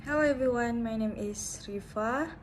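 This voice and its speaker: A woman's voice: a little high, normal speed, a little hiss or hum, low-quality recording. A young woman student giving a class presentation on linguistics, hesitant and full of fillers and restarts. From Indonesia. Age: young adult.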